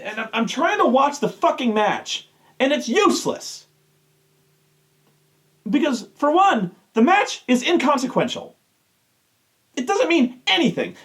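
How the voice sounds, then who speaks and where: A man's voice: very high-pitched, fairly bright tone. A man hosting a show, ranting with exasperation and heavy swearing. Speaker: show host. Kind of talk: profane rant.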